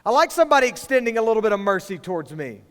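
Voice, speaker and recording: A man preaching to students as youth pastor, swinging from hushed lines to loud, emphatic ones. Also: high-pitched, sing-song, very fast. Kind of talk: sermon to students. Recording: long reverb of a large hall.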